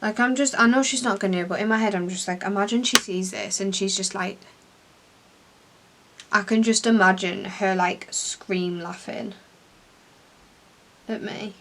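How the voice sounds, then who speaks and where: A woman's voice: mid-range voice, fairly even intonation, measured pace, pauses often, fairly bright tone, slight background noise. A young English woman vlogging at home, chatting casually and self-deprecatingly while doing her makeup. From England. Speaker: beauty vlogger.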